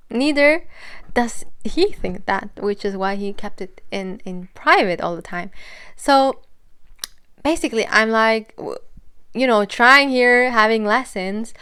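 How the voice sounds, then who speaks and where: A woman's voice: mid-range voice, a bit bright, clear, resonant tone. A woman in her twenties telling a personal story in a casual, chatty way, full of "like" and "you know". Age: 20s.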